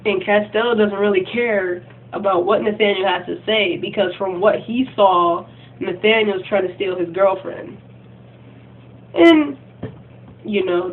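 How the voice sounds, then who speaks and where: A woman's voice: mid-range voice, a little slow. A woman vlogger ranting casually about a game, rambling and breathless, full of "like" and "freaking". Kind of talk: casual rant retelling a game. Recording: tinny phone-like recording, faint hum.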